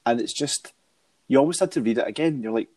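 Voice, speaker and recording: A man's voice: medium pitch, quick pace, darkish tone. A man co-hosting a podcast, chatting casually about a book and teasing his co-host.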